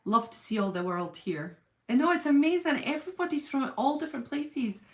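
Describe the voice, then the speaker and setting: A middle-aged woman with a high, expressive voice hosts a casual livestream, talking fairly quickly. She reads viewer comments, chats, laughs, and greets people by name.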